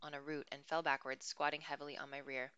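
A woman reading a novel aloud in an expressive, dry first-person narration. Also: sits low, fast, clean tone, dry recording, lo-fi sound. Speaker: audiobook reader.

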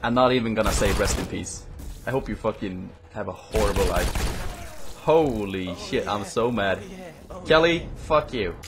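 Speaking at a measured pace, a young man hosts a let's play with casual, excitable commentary, ribbing and cursing at his teammate. His noisy, low-quality webcam mic captures it all.

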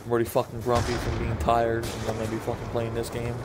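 A man's voice: mid-range voice, completely flat delivery, fast talker, over music. A tired young man hosting casual gameplay commentary, profane and cranky, swearing constantly. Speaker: gaming channel host.

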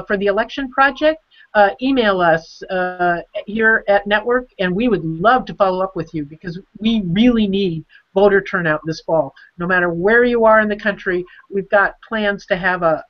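An older woman, a nun and author, talking earnestly on a video call and reading her poetry slowly. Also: mid-range voice. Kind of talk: video call book discussion. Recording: dull lo-fi video call audio.

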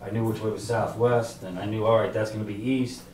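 A middle-aged man tells his own story at a library author talk, conversational and halting, with many fillers, acting out his own thoughts. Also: on the low side, steady tone, a little mellow, a little hiss or hum. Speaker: author and fisherman telling his survival story. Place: library event room. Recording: echoey room, distant mic.

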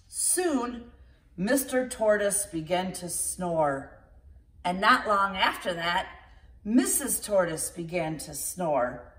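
A woman reading a picture book aloud to children as storyteller, gentle and expressive. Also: lowish voice, slow pace. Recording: roomy, from far off.

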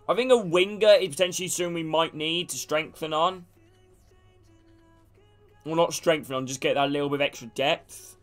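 A man's voice: fairly high pitch, fairly bright tone. A man casually commentating a game stream, chatting with viewers and calling them by name. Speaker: gaming streamer.

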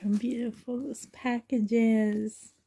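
A woman's voice: on the high side, flat delivery, slow, heavy background noise. A woman doll collector in a casual unboxing vlog, gushing and emotional, often laughing and sighing, talking on the floor at home.

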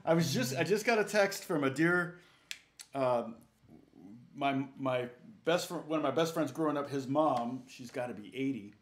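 A man's voice: a little high, expressive, moderate pace. A middle-aged man teaching guitar on a live stream, rambling and chatting with viewers, laughing often and counting out notes. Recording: echoey room with loud guitar playing.

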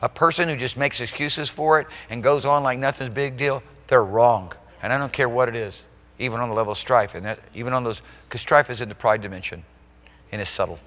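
A man's voice: medium pitch, brisk, big-room sound. Emphatic male pastor preaching a sermon. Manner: emphatic preaching, swinging between loud exclamations and soft intimate asides; rhetorical check-ins with the congregation. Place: church sanctuary during a live service.

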